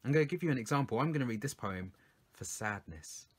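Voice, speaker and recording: A man's voice: medium pitch, husky. A poet reading his poems aloud for children, explaining them in an encouraging way. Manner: lively, encouraging, explains slowly.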